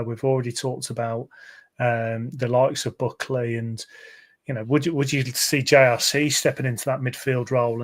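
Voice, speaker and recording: A man from the English Midlands co-hosts a football podcast in a loose, chatty way. His voice sits in an ordinary middle pitch. He rambles, restarts sentences and fills the gaps with ums and uhs. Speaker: podcast co-host. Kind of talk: casual football chat.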